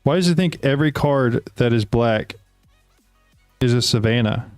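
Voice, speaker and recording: An excitable man talks through a card-opening session and reads card text aloud. His voice sits at an ordinary middle pitch. The recording is dry and close, with faint music underneath. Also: normal speed, no echo. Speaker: card-opening video host. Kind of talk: casual card-opening commentary.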